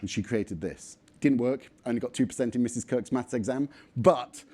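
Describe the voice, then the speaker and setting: A man's voice: medium pitch, normal speed, darkish tone. Blunt, swearing man in his forties. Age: 40s. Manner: blunt, swearing, rambling with frequent ums. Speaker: conference speaker. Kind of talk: casual, self-deprecating talk.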